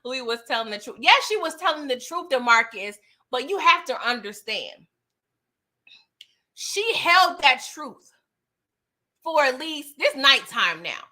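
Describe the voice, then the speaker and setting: A woman casually recapping a TV episode in slangy, animated talk, laughing often. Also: sits high, measured pace, long pauses. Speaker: TV recap host.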